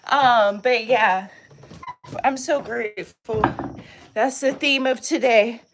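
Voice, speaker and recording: A woman with a high voice hosts a casual live vlog from her off-grid homestead. She talks slowly and chattily to her viewers, calling them y'all as she walks around the cabin with the camera. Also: noisy background. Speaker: vlogger, homestead channel co-host.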